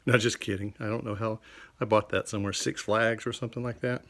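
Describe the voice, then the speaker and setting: A man's voice: on the low side, steady tone, quick pace, a bit bright, a little hiss or hum. Older male teacher; upbeat, jokey kid-friendly delivery, recorded in a home office on a handheld camera. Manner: cheerful, corny jokes, speaks to kids. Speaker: children's Bible class teacher. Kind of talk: children's show talk.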